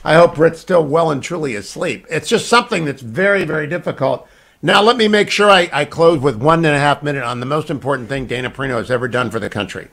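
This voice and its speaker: A man's voice: on the high side, expressive, fast talker, gravelly, fairly bright tone. A man in his sixties hosting a radio talk show, joking and bantering with his guests. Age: 60s. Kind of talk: casual radio interview.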